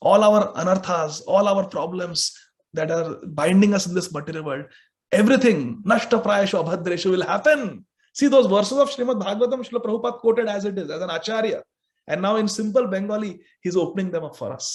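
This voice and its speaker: A man giving a devotional scripture class, fervent and emphatic, quickly chanting verses between explanations. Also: high voice.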